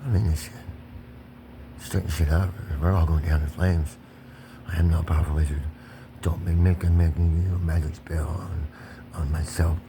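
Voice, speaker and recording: Speaking at a moderate pace with long pauses, a low-voiced man from Kentucky delivers a profane solo rant to camera. He's erratic and combative, cursing and circling back over the same points, his intonation fairly even over background noise.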